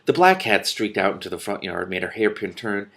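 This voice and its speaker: A man's voice: fairly low pitch, big pitch swings, fairly quick, creaky, fairly bright tone. A man reading a fantasy novel aloud, casually, stumbling and restarting now and then. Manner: reads with restarts and slips, breaks into laughter. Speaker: reader of a novel with commentary. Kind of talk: casual read-aloud narration.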